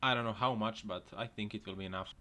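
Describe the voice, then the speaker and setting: A man hosting a casual video, laughing often and shouting at what he sees on screen, joking as he goes. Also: on the low side, fairly even intonation, fast. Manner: laughs often, exclaims loudly at crashes; jokey, slips into silly put-on voices. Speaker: host. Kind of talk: casual commentary over clips. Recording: noisy background.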